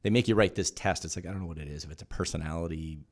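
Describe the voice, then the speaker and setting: Deep-voiced easygoing middle-aged man. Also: racing. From Canada. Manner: easygoing, many fillers and repeated yeahs. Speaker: insurance agent guest. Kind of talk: casual interview chat.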